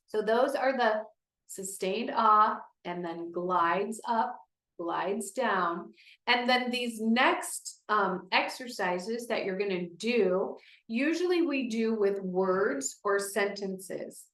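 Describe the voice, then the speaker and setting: A woman's voice: mid-range voice, a bit bright, roomy sound, rough recording. A woman speech therapist leading a group through voice exercises, encouraging and explaining each step.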